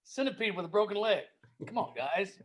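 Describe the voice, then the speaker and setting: A man's voice: high-pitched, animated, fairly quick, very noisy. A man who is a tribute artist, telling dad jokes over a video call with playful stammering restarts before the punchline.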